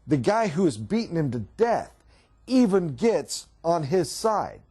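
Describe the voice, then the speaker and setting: A man's voice: fairly high pitch, very animated, unhurried, mellow, husky. A middle-aged man giving a sales training talk to a group around a table, emphatic and folksy as he tells stories. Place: meeting room around a table.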